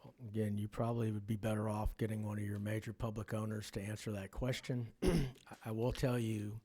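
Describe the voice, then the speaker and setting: A man testifying at a committee hearing, answering in a measured, careful way. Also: on the low side, flat delivery, warm tone. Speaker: official testifying.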